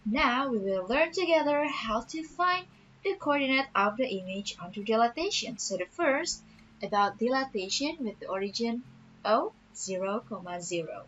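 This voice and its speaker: A woman teacher explaining a math lesson patiently, repeating each step slowly. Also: on the high side, lively intonation, a bit bright, a little hiss or hum. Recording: dull lo-fi audio with faint music.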